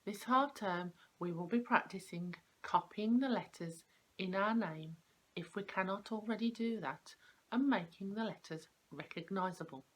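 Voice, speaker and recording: A woman, a preschool teacher explaining classroom activities to parents, clear and slow, stressing the sounds of words. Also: mid-range voice, fairly bright tone, rough recording.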